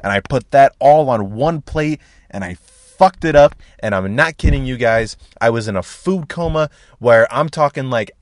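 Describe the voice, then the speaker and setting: A young man hosting a podcast, telling a comic story in a loud, profane, animated way, with sound effects like boom and bang. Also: moderate pace, no echo. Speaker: podcast host. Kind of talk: casual comedic storytelling.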